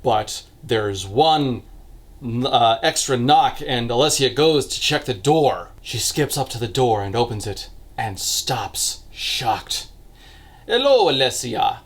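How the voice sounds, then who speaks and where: A man hosting a casual book review, talking through the plot with sarcastic, deadpan asides. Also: medium pitch, slow pace.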